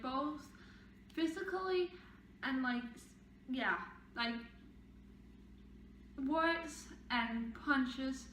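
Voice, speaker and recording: A woman's voice: sits high, bright, forceful tone, recorded from a distance, slight background noise. A young woman vlogging a casual storytime, rambling and indignant, with frequent swearing. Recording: echoey room, voice away from mic.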